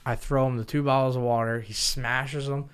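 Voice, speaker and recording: A man who is a guest on a podcast, telling stories in a casual, animated way and laughing often. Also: mid-range voice, moderate pace, clean tone. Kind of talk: casual storytelling.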